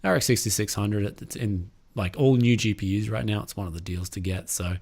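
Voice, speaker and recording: A man's voice: fairly low pitch, a little fast, vocal fry, darkish tone. An Australian man hosting a tech live stream, chatting casually with lots of slang. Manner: laid-back, slangy, lots of "like" and "dude". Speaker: tech channel host. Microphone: streaming mic, remote call.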